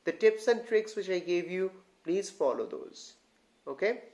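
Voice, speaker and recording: An English tutor explains reading comprehension to online learners in a middle-pitched voice. The tutor often stops to ask whether the viewers follow and calls them guys. Phrases get repeated and restarted along the way. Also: lively intonation, measured pace, a little mellow. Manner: keeps checking in with the viewers. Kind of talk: online grammar lesson.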